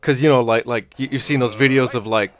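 A man's voice: mid-range voice, steady tone, fairly quick, slight background noise. A young man commentating his gameplay, telling stories in a crude, rambling, joking way. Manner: crude, rambling, joking storytelling with frequent laughs. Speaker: gaming YouTuber. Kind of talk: let's play commentary. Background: game music.

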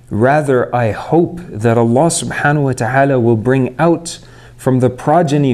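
A man's voice: fairly high pitch, dark tone. Montreal-raised man preaching. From Canada, Montreal. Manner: earnest, rhetorical questions to the audience. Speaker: Islamic preacher. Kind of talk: mosque talk.

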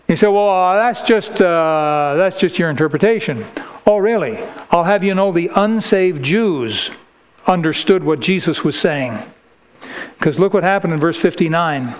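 Forceful preacher with a higher voice. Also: male voice, poor audio. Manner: emphatic, combative preaching with scripture readings. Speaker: pastor. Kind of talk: sermon.

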